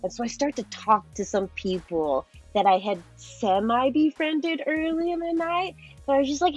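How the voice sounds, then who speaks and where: A young woman in her twenties, a podcast guest telling a story in a casual, animated way with frequent laughs. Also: sits high, moderate pace, highs cut off, soft background music. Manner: animated, laughing often, swearing.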